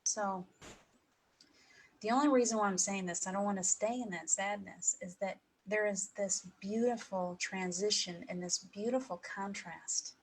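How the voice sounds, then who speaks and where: A middle-aged woman giving a heartfelt personal talk to an audience, emotional and pausing, with soft laughs. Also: mid-range voice, breathy edge, poor audio. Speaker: speaker at an evening talk.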